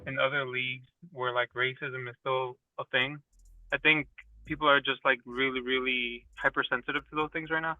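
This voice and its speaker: A man's voice: medium pitch, flat delivery, moderate pace, dry recording. A man on a football panel, hedging his points with lots of "like"s, heard on dull, lo-fi audio. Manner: hedging, filler-heavy with many "like"s. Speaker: panel guest. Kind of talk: casual panel chat.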